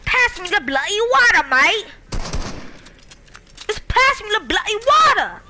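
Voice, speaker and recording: A teen boy doing a shouting mock-British lad. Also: very high-pitched, animated, moderate pace, a little hiss or hum, full character voice. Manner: shouty, exaggerated, playful.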